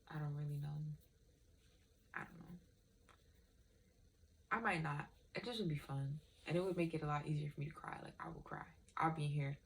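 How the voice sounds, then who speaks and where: Low-voiced woman rambling to camera. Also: vocal fry, a little hiss or hum. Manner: candid, rambling, swears freely. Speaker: vlogger. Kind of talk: casual chat to camera.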